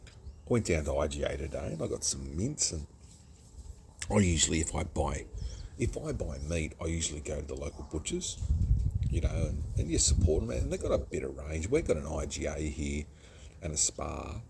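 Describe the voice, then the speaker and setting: Gravelly deep-voiced Australian man. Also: big pitch swings, moderate pace, background noise. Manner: chatty, self-mocking, jumps between topics. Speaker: beer reviewer. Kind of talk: casual rambling vlog. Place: outdoors at home.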